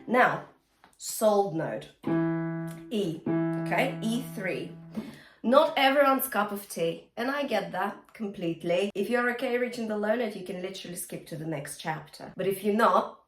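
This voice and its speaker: A woman's voice: medium pitch, lively intonation, moderate pace. A woman vocal coach giving a chatty, encouraging singing lesson, breaking into short sung demonstrations. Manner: encouraging, chatty teacher who breaks into song. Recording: roomy sound with faint guitar music.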